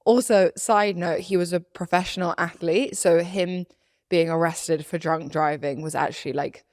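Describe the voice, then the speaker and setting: A young woman co-hosting a podcast, telling a personal story in casual chat, animated and laughing as she acts out quotes. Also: on the low side, moderate pace, no echo, studio quality. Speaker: podcast co-host.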